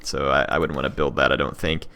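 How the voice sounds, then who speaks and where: Low-voiced man thinking aloud over a strategy game. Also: level tone, fast talker, bright, forceful tone, clear, resonant tone. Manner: thinking aloud, many fillers and restarts. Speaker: gaming channel host. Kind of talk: casual let's-play commentary.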